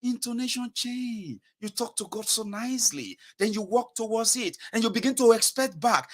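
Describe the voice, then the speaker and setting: Animated Nigerian man commentating. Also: high-pitched, a little fast, hardly any pauses. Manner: animated, acts out mocking prayers in Nigerian Pidgin. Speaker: political commentator. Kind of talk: casual political commentary.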